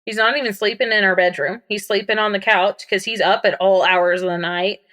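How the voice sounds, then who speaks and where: Young woman guest telling her own story, mid pitch, lots of "like", casual and candid. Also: steady tone, a little fast, fairly bright tone. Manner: casual, frequent "like" fillers, candid. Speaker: podcast guest. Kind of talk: personal storytelling.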